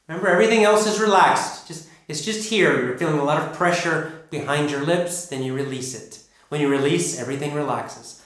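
A man's voice: a little high, expressive, a bit bright. Emphatic male pronunciation teacher, echoey room. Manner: slow, emphatic drilling with repeated words. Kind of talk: English pronunciation lesson.

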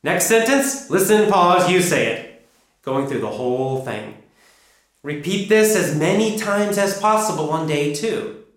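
A man giving an English pronunciation lesson, speaking emphatically and deliberately, repeating his key instructions. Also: high voice, expressive. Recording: very echoey room.

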